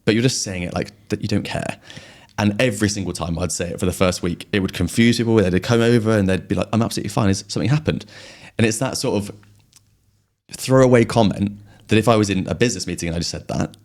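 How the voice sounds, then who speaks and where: Fast-talking deep-voiced English podcast host. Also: male voice, darkish tone. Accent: West Country English. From southwest England. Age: young adult. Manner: quick, friendly, agreeable interjections. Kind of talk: conversational interview.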